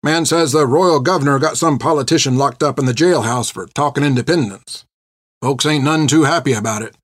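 A gruff, street-wise older wagon driver with a folksy drawl and clipped words, as a male narrator puts him on. His voice sits a touch higher than the narrator's own. The recording is dry and close. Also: brisk, no echo, natural voice. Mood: worried.

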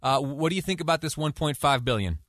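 A man hosting a call-in radio show, talking in a halting way with frequent restarts. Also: fairly high pitch, animated, a bit bright, no room sound, studio quality. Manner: halting, many restarts, laughs easily. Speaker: radio talk show host.

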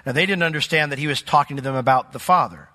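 Bright-voiced man preaching in a reverberant church. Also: fairly high pitch, quick pace. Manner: conversational, asks the congregation questions. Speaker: pastor. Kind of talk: sermon with Bible reading.

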